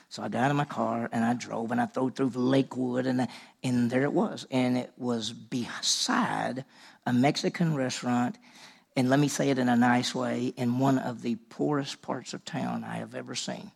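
A man's voice: medium pitch, fairly even intonation, normal speed, gravelly, slightly rough. A man preaching to a room, telling a personal story and acting out the dialogue, originally from Mississippi. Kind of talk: sermon storytelling. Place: large room with audience.

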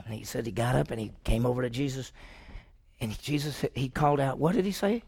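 A pastor with a medium-pitched, animated voice that's creaky and slightly rough talks fast as he preaches. He poses questions to the congregation and acts out the voices of people in the story.

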